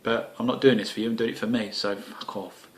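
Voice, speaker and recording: A man's voice: lowish voice, steady tone, fairly quick. A man with an Essex accent, hosting a homebrew video in a cheeky, joking, casual chat full of fillers. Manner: cheeky, jokey, lots of fillers and swearing.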